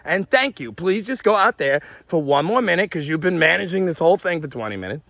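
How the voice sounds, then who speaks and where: Gravelly, animated man ranting. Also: a little high, a little fast, dry recording. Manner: agitated, animated, swearing, acts out others' lines. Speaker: vlogger. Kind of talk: ranting personal story.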